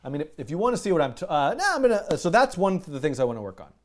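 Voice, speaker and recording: Animated, self-mocking male stream host. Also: fairly high pitch, rapid-fire. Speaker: livestream coding host. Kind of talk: casual live-stream chat. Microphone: headset with music in his ear.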